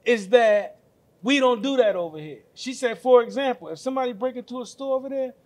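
High-voiced man telling a story. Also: a little fast. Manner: storytelling, retelling conversations with quoted lines. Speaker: podcast co-host. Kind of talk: casual group discussion.

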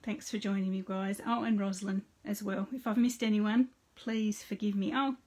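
Husky woman demonstrating crafts. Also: medium pitch, steady tone, normal speed, darkish tone. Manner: chatty, greets viewers by name, narrates each step aloud. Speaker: card-making host on a live stream. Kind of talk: casual live craft demonstration.

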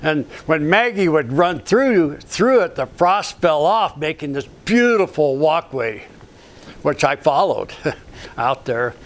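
A man's voice: a little high, expressive, slow pace. A man giving an earnest, rambling personal faith testimony as a ministry speaker, often saying "you know".

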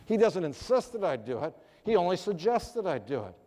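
Earnest male preacher with a high voice, heard with long hall reverb. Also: sing-song, fairly quick, warm tone. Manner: earnest, rhetorical questions to the audience. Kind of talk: sermon.

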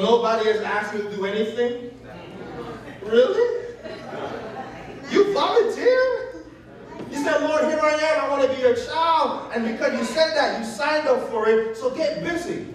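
High-voiced man preaching in an echoey church. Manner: animated call-and-response preaching, asks the congregation to fill in words. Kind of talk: sermon. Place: church sanctuary. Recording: echoey church from a distant mic.

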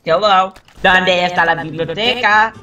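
A man's voice: high-pitched, moderate pace, pushed and bright. A young man putting on a goofy mock-Mexican persona in a joking game voice chat, slipping into mock Spanish phrases. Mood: goofing. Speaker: gamer on voice chat. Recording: roomy, distant mic under game music.

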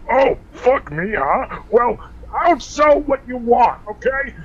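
Slow mocking guy on a muffled call line, faint hiss behind. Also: extremely high pitch, big pitch swings, breathy edge. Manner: taunting, makes crude accusations. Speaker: caller.

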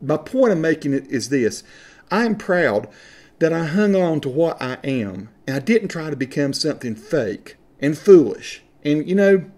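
A man's voice: on the high side, sing-song, normal speed, a little mellow. A man from western North Carolina with an Appalachian accent, talking to camera in a passionate, rambling, folksy monologue. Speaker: vlogger.

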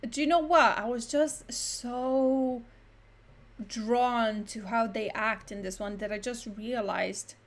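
A woman's voice: on the high side, steady tone, slow, a little hiss or hum. A woman streamer giving casual, rambling commentary while playing a video game. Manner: chatty, rambling. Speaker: gameplay streamer. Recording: voice over loud game sounds.

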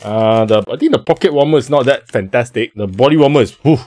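A man's voice: mid-range voice, fast, darkish tone. A man with a Singaporean English accent, casually vlogging at home, giggly and rambling. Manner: giggly, rambling, self-mocking. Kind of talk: casual haul vlog. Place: home, then a small bathroom.

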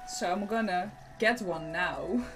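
A woman's voice: fairly low pitch, slow pace. A young woman with a Dutch accent, chatting playfully as she streams a game, with a self-mocking tone. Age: young adult. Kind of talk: casual gameplay commentary. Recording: music playing behind.

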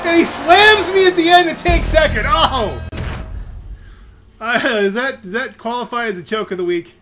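A man giving excitable live commentary on a racing video game, exclaiming as he drives. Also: very high-pitched, normal speed, poor audio. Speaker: gaming channel host. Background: loud game music.

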